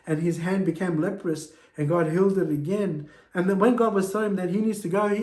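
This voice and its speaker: Male preacher, slightly high voice, earnest exhortation, echoey church room. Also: fairly even intonation, fairly quick, hardly any pauses, a little mellow. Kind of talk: sermon.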